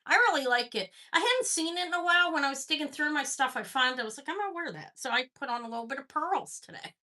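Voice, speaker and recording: A woman's voice: high voice, animated, quick pace, sharp tone. A woman hosting a live jewelry sale stream, chatting casually and rambling as she greets viewers by name.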